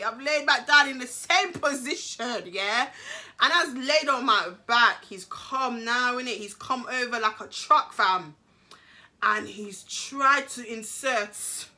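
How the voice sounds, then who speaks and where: A woman's voice: on the high side, measured pace, pushed and bright. A young woman telling a dramatic storytime to her viewers, slangy and repeating phrases for emphasis. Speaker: vlogger. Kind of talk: storytime monologue to camera.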